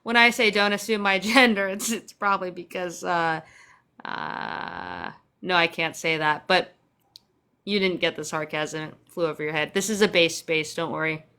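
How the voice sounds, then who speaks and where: A woman's voice: on the low side, normal speed, pushed and bright, clean tone. Chatty young woman on a livestream. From Central Texas. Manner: chatty, sarcastic, swears casually. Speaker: livestream host. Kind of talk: casual livestream chat reading viewer comments.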